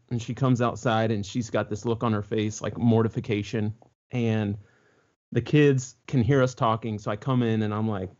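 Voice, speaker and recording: Guy telling a home story on a chat show, animated, does little voices for people, kinda muffled audio. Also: mid-range voice. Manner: animated, jumps into voices when quoting others. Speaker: co-host.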